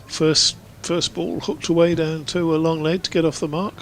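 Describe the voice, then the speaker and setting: A man's voice: a little high, level tone, moderate pace, a little hiss or hum. A man giving live ball-by-ball cricket commentary in a chatty, rambling way, drifting into anecdotes between deliveries.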